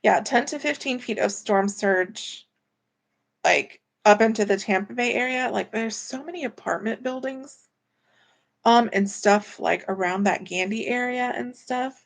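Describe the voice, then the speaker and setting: Chatty woman with a gravelly, creaky voice. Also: a little high, a little slow. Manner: rambling and chatty, with many fillers. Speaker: live stream host. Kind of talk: casual live stream chat, reading viewer comments. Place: at home, indoors.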